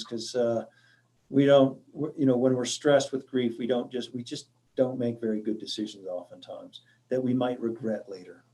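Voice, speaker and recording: A man who works as a hospice grief counselor, giving a library talk in a thoughtful, halting way with many fillers and restarts. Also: medium pitch, a little mellow.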